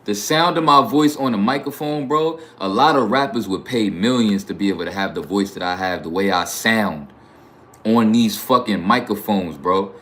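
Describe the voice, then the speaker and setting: On the low side and fairly bright, this young man's voice moves at a moderate pace. He's a YouTube livestreamer with a New York accent, bragging through casual chat full of slang and swearing.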